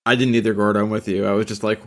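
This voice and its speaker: A man's voice: lowish voice, flat delivery, racing. A man co-hosting a podcast in casual chat, opinionated and riffing on pop culture. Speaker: podcast co-host.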